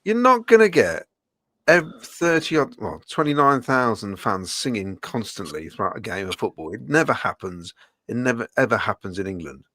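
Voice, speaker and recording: A man with a croaky voice from a cold, co-hosting a casual fan podcast and reading out viewer comments. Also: lowish voice, very animated, normal speed, a bit bright, no room sound. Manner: dry, chatty, reads comments aloud.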